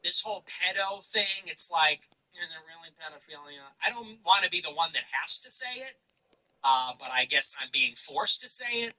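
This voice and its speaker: A man's voice: sits high, animated, normal speed, pushed and bright, rough recording. A man hosting his own show, talking in a blunt, profane, casual ranting monologue. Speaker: show host.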